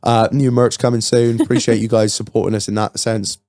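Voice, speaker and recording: An English man hosting a podcast, telling stories in sweary, animated casual banter. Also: lowish voice, a little fast, no room sound. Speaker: podcast host.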